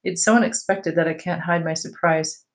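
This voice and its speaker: A reader narrating a novel aloud for a class, in a plain, even storytelling manner. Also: medium pitch, moderate pace, poor audio. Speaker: teacher reading aloud.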